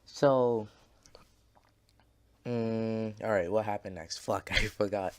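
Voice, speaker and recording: A man's voice: on the low side, fairly even intonation, takes it slowly, noisy background. A man casually telling a story over gameplay, rambling and swearing, with lots of fillers and restarts. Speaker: gaming channel creator.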